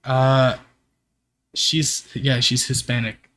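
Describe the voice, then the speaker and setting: A man's voice: medium pitch, flat delivery, slow pace, fairly bright tone. A young man streaming live, ranting casually to his chat with frequent swearing. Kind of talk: casual livestream rant.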